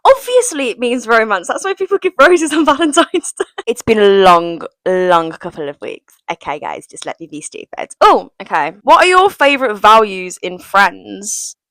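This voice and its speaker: A young woman talks casually to her vlog audience. Her pitch swoops up and down a lot, and she is self-deprecating and giggly. The sound is dry and close, with no room echo. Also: animated, moderate pace, few pauses, a bit bright. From England, West Midlands. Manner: chatty and self-deprecating, with giggles and dips into whispers. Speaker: vlogger. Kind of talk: casual get-to-know-me vlog.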